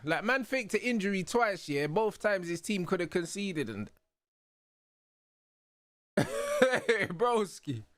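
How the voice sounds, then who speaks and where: A young man hosting a live football watch-along, talking excitedly in heavy slang and laughing loudly. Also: sits high, no room sound. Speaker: host.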